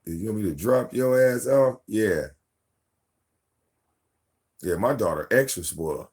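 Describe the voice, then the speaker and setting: A man in his forties, host of a live stream, telling casual stories about his daughter in a profane, animated way, acting out what people said. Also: fairly low pitch, unhurried. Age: 40s. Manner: profane, animated, acts out quotes. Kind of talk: casual storytelling.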